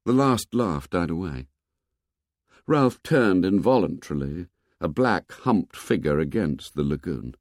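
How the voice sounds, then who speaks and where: A man narrating a novel in a measured, expressive storytelling voice that grows low and soft in tense passages. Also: no echo, clean studio sound. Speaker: audiobook narrator. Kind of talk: scripted narration.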